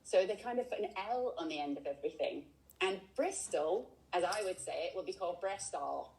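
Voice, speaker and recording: This is a woman from England narrating a walking tour outdoors. She explains things in a chatty, easygoing way and often pauses on an um. The sound comes through a video call. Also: on the low side, expressive, a little mellow, low-quality recording. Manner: chatty, explanatory, with frequent ums. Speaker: tour guide. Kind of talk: live walking tour chat. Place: outdoors by a river.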